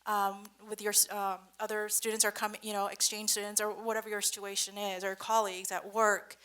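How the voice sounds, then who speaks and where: A woman on a panel giving earnest advice, halting now and then with fillers. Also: medium pitch, flat delivery, a bit bright, clear, resonant tone.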